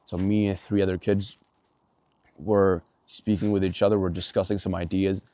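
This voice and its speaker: Low-voiced, swearing young Swedish man. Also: little pitch movement, moderate pace, dark tone, no echo. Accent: American-sounding English. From Sweden. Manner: rambling, heavy swearing, frequent filler words. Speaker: vlogger. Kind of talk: casual video diary.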